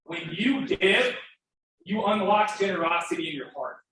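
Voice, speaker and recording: A man's voice: high voice, moderate pace, a bit bright. A man giving a fervent, emphatic fundraising appeal to an audience at a live event. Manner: fervent, emphatic, breaks into emotion. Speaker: fundraiser speaker. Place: event hall. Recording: very echoey hall, distant, faint noise.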